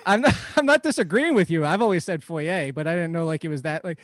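Chatty fantasy football host, man, slightly high voice, dry close sound. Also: fast, no room sound. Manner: chatty, rambling, laughs easily. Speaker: podcast host. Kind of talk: casual fantasy football talk.

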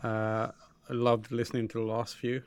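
A man's voice: mid-range voice, little pitch movement, normal speed, smooth, no echo. East london guy cohosting a podcast, joking around, chill, dry close sound. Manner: joking, laid-back. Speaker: podcast co-host. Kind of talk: casual chat.

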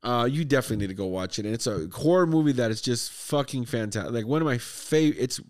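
Male podcast host, mid-pitched, excitable and profane, rambling storyteller. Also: quick pace. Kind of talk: casual movie review chat.

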